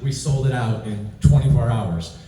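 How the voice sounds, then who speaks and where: Excitable guy rambling thru a con panel story, mellow tone, roomy hall, mic kinda far. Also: mid-range voice, moderate pace. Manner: rambling, excitable, many restarts. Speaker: panel guest. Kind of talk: convention Q&A storytelling. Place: large convention hall. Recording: roomy hall, distant mic, faint noise.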